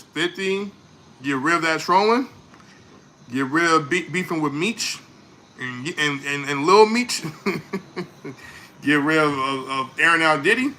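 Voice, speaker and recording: A man hosting a casual music reaction, talking in an animated way, repeating words and trailing off into fillers. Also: a little high, slow, long pauses.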